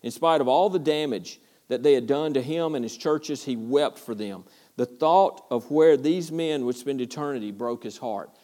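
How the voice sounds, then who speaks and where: A man's voice: mid-range voice, moderate pace, mellow. A man pastor preaching a verse-by-verse sermon with earnest, repetitive phrasing. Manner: earnest, repetitive, stumbling restarts, rising to passion.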